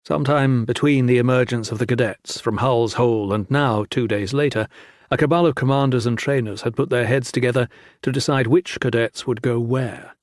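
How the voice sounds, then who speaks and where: This scripted audiobook narration features a man reading a fantasy novel at an even, controlled pace. He speaks in a typical mid-range voice, recorded up close and completely dry without any room sound.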